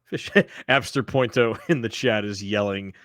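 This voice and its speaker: A man's voice: fairly low pitch, a little slow, fairly bright tone, dry recording. A man narrating as game master of a tabletop game, in a casual, chatty way with plenty of fillers.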